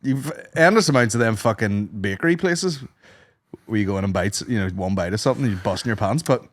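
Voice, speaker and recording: A man's voice: on the low side, lively intonation, fairly quick, no echo, studio quality. A man co-hosting a podcast, telling rambling, profane stories in casual comedic chat. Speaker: podcast co-host.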